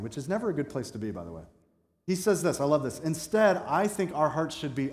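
A man's voice: fairly high pitch, sing-song, a little fast. A man preaching a sermon as pastor, talking conversationally and turning to the congregation with asides. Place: church sanctuary. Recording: echoey hall with long reverb.

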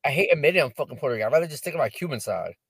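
A man's voice: fairly high pitch, animated, very fast, fairly bright tone, husky, no echo, studio quality. A man co-hosting a podcast from a parked car over a phone hotspot, talking in a blunt, profane, casual way. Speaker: podcast co-host. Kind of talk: casual chat.

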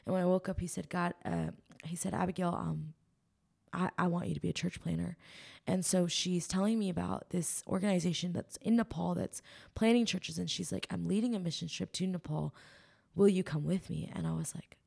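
A woman's voice: on the low side, fairly even intonation, brisk, gravelly, a little mellow, husky. A woman guest on a podcast, telling an earnest, emotional faith testimony with lots of ums and likes. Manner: rambling, with many ums and likes.

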